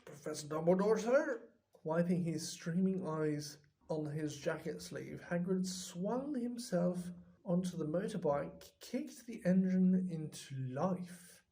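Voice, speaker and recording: Slow, mellow storybook reader. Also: mid-range voice, low-quality recording. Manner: slow and expressive. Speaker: audiobook reader. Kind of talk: scripted storybook narration.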